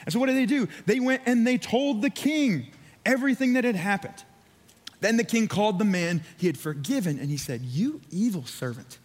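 A man with a high voice preaches at a moderate pace as a pastor in a church sanctuary, the hall's reverb audible on the recording. His sermon is casual and conversational, packed with "like" and with acted-out voices for the people in his story.

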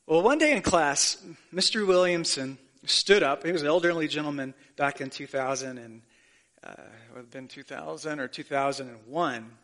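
A man's voice: on the high side, normal speed, fairly bright tone. A man in his forties preaching a conversational sermon as pastor, earnest, with self-deprecating asides.

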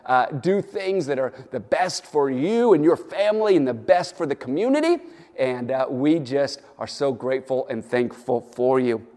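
Rousing pastor preaching with long reverb. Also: male voice, fairly high pitch, darkish tone. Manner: rousing, urges listeners with repeated "come on". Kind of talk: sermon. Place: church or studio, preaching to an online audience.

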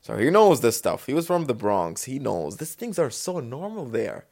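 A man from Dubai hosting a solo podcast, talking off the cuff in a casual, animated way and acting out the voices in his stories. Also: medium pitch, normal speed, vocal fry. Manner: casual, animated storytelling, acts out quotes. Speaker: podcast host. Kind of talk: unscripted solo podcast talk.

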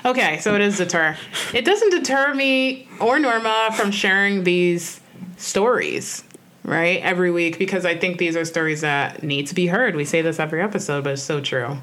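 A woman co-hosting a podcast, speaking in an earnest, reflective way in a slightly low voice. She keeps it loose and conversational, leaning on "like" and "you know" as she thinks aloud. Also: normal speed, a bit bright. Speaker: podcast co-host. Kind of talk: casual conversational chat.

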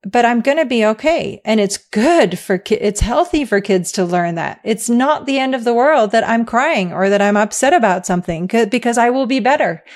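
A woman's voice: a little high, animated, normal speed, few pauses. A middle-aged woman from the US, a guest in an interview, telling her story earnestly and emphatically, often laughing. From American.

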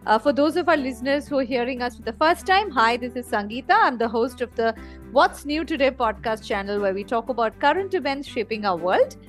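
Podcast host, woman with a fairly high voice, chatty and eager, soft music underneath. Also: animated, a little fast. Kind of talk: casual chat.

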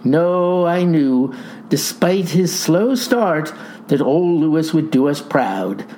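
Slow, florid, mock-grand woman storyteller. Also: sits low, animated, dark tone, a little hiss or hum. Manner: mock-grandiose, florid vocabulary, folksy asides. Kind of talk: comic first-person story narration.

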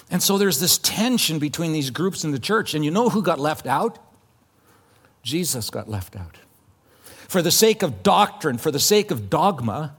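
A middle-aged man preaching a sermon in an earnest, conversational way, dropping to hushed, intense asides for emphasis. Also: on the high side, husky. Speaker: pastor.

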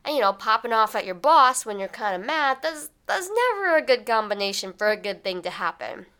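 A woman's voice: fairly high pitch, fairly quick, smooth. A young adult woman hosting a solo podcast, talking in a casual, chatty way and acting out examples. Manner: casual, chatty, animated storyteller with many fillers. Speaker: podcast host.

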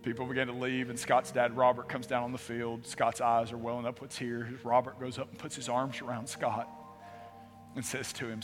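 A man's voice: mid-range voice, level tone, moderate pace. A man preaching a sermon as pastor, telling the story with dramatic pacing, in a church sanctuary. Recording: reverberant hall with faint music.

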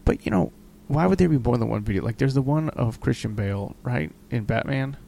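Male podcast co-host, gravelly voice, loose, profane storyteller. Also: medium pitch, animated, a little fast, mellow, a little hiss or hum. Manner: rambling, profane, acts out quoted people. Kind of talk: casual crude chat.

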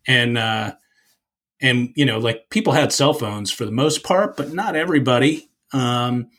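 A man, a birding tour leader, telling an old story in casual chat, animated and repeating himself with lots of filler phrases. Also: medium pitch, a little slow.

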